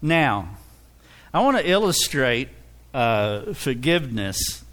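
A man's voice: medium pitch, big pitch swings, slow, a bit bright. A man preaching a sermon, acting out little dialogues and laughing between points.

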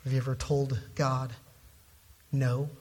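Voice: mid-range voice, little pitch movement, slow, darkish tone. A preacher giving an expository sermon, stressing key words and often repeating words when restarting a phrase.

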